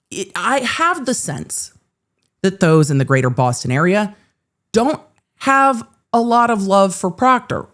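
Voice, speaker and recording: A woman with a mid-range voice runs a live-streamed show of legal commentary. She reads court filings out loud, breaking in now and then with exasperated, sarcastic remarks.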